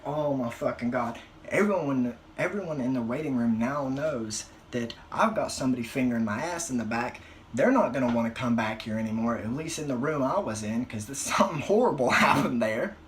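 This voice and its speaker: A young man doing a stand-up comedy routine, telling a crude, profane story with animated outbursts. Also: mid-range voice, a little hiss or hum.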